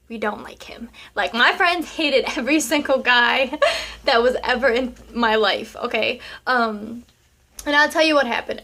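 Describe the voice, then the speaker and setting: A woman's voice: a little high, bright, forceful tone. A young woman vlogging as she answers viewer questions in a chatty, sassy way, full of "um" and "like". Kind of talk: casual chat.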